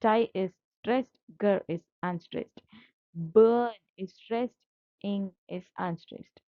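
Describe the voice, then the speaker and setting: A woman lectures slowly and patiently, walking through slides and repeating key terms so they sink in. Her voice is recorded dry and close, with a dull, lo-fi sound. She keeps a steady, methodical teaching pace throughout. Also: medium pitch, no echo. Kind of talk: slide-based literature lecture.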